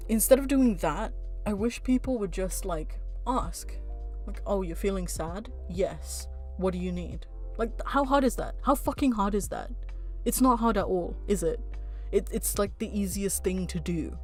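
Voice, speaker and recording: Over faint background music, a female vlogger speaks to camera in a mid-range voice at normal speed. She rants frankly and heatedly, animated and blunt, cursing freely and laughing at herself in casual chat.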